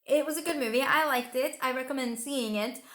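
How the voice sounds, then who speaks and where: A woman's voice: high voice, a little fast, fairly bright tone. A young woman giving a casual, rambling movie review. She retells the plot emotionally, with lots of fillers, and sounds tired.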